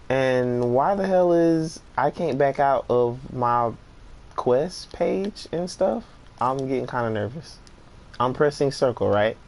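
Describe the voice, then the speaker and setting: A young man casually telling a funny work story while playing a game, animated and laughing, acting out the people he quotes. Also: medium pitch, measured pace. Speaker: gaming streamer.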